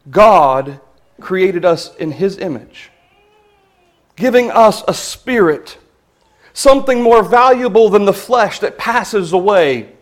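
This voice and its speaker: A man preaching a sermon in an earnest, measured way, reading scripture passages with emphasis. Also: sits high.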